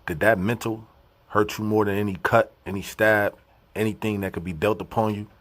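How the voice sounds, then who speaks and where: Lower-voiced man asking probing questions. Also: flat delivery, a little fast. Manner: probing questions, street slang. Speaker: interviewer host. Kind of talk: casual interview.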